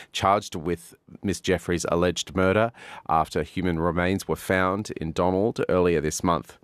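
A man reading a radio news bulletin in a measured, formal way. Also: deep voice, no room sound, clean studio sound. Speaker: newsreader.

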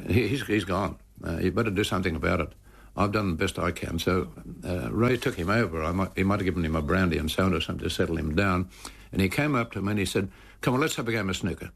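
An older man, a former cricketer, tells stories in an interview, animated and tripping over repeated words. His low voice is gravelly and husky. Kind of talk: anecdotal storytelling in an interview.

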